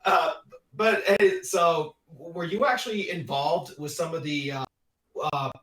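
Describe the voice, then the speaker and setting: A man's voice: a little high, a little slow, a bit bright, echoey room, rough recording. A man hosting a casual talk show interview, asking follow-up questions and laughing easily. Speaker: host.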